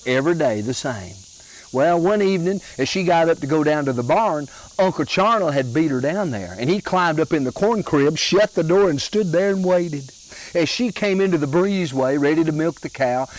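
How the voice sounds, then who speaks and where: Older Southern man, front-porch storyteller, unhurried drawl, a touch high-pitched. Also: poor audio. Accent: Southern American. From Alabama. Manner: slow, drawling delivery with chuckles. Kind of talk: folksy humorous storytelling.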